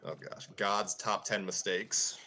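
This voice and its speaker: A man's voice: lowish voice, little pitch movement, takes it slowly, bright, forceful tone, a little hiss or hum. A man hosting a show, casually reading a fan-fiction story aloud and chuckling at the text now and then. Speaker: host and narrator.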